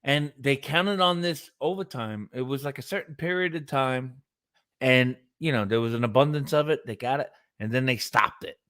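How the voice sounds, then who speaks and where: A man's voice: mid-range voice, moderate pace. A middle-aged man on a casual live stream, telling stories with lots of swearing and mimicry of other people. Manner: animated storytelling, swears freely, mimics others. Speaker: co-host.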